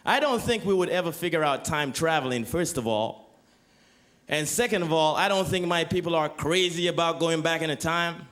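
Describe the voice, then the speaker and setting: A young man from Canada performing a stand-up comedy set, with deadpan setups and excited bursts on the punchlines. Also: a little high, moderate pace.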